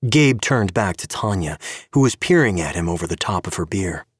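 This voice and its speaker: Husky-voiced male narrator. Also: low-pitched, normal speed, dry recording, studio quality. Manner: expressive storytelling. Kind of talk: scripted narration.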